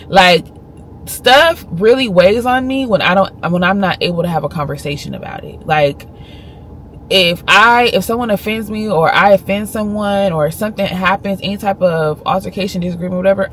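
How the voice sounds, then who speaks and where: A woman's voice: lowish voice, a little hiss or hum. A woman in her thirties, a vlogger earnestly and emphatically retelling a conversation. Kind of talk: casual storytelling vlog.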